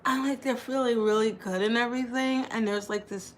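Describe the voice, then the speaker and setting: A woman's voice: on the high side, steady tone, fairly quick, a little hiss or hum. A woman in her thirties chatting casually to her vlog viewers, rambling and playful, with lots of "like" and restarts. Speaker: vlogger.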